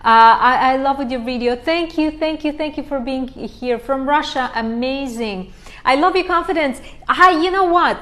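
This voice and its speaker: A woman's voice: high voice, moderate pace. Upbeat woman life coach. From Romania. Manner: effusive, warmly enthusiastic, repeats praise words. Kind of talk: livestream chat reading viewer comments.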